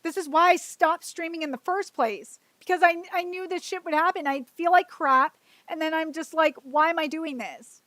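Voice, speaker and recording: A woman's voice: very high-pitched, normal speed, a bit bright, no room sound. A woman streaming alone, venting emotionally and with frustration, repeating herself and swearing. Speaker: streamer hosting her own show. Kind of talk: solo livestream venting.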